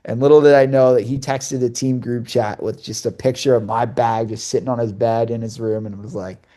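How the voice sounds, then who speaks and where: A man's voice: medium pitch, steady tone, fairly quick, mellow. A young man co-hosting a podcast and telling a casual story, rambling with many fillers and restarts and acting out the dialogue. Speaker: podcast co-host and hockey broadcaster.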